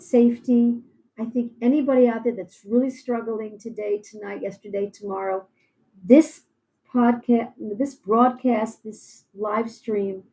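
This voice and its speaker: A woman's voice: fairly high pitch, mellow, rough recording. A woman hosting a live-streamed interview, talking in a reassuring, encouraging way with some restarts. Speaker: podcast host.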